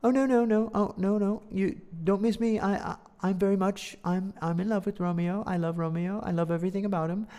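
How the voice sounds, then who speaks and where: A man's voice: high-pitched, fairly even intonation, fairly quick, few pauses, dark tone, clear, resonant tone, pitched above the performer's own voice, close to an everyday voice. A man doing a stammering, smitten little bush. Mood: flustered. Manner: stammering, flustered. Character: flustered little bush, a young plant, smitten. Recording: reverberant room.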